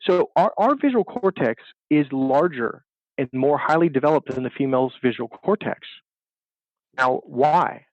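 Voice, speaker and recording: A man's voice: medium pitch, animated, moderate pace, no echo, dull audio. A man, a dating coach, telling stories in an interview and acting out the voices of people in them. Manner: acts out voices in his stories, emphatic. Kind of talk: animated storytelling interview.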